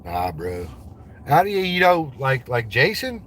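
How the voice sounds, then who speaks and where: A man's voice: medium pitch, big pitch swings, unhurried, fairly bright tone, a little hiss or hum. A man from the United States in a vehicle, chatting with his livestream viewers in loose, profane, joking banter. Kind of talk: casual livestream chat.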